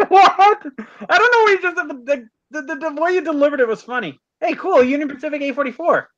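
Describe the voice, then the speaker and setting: A man with a high, bright voice hosts a casual stream chat, telling jokes with an animated, bouncing delivery and laughing often. The sound is somewhat dull and lo-fi. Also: brisk, slight background noise. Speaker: live stream host.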